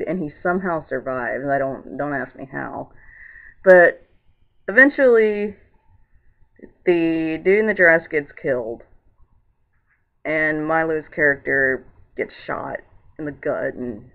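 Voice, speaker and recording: A woman's voice: low-pitched, creaky. A woman giving a casual vlog movie review in a rambling, filler-heavy way, sounding exasperated. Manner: exasperated and indignant. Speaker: film reviewer. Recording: tinny, phone-like lo-fi sound.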